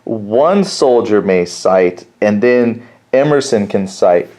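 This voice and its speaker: A man's voice: fairly low pitch, animated, takes it slowly, mellow. A man thinking aloud as he plays through a tabletop war game alone, counting squares and reading out cards. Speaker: board game player and host. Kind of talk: solo tabletop game playthrough.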